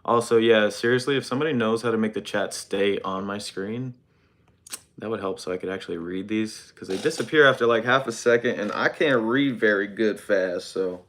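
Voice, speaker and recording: A young man livestreaming from his phone, speaking in a halting, hesitant, deadpan mock-sincere apology while reading chat. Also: fairly low pitch.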